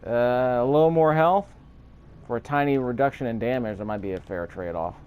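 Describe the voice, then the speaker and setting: A man with a clear, resonant mid-range voice gives rambling let's-play commentary at a slightly fast pace, correcting himself as he talks over the game. The sound is phone quality.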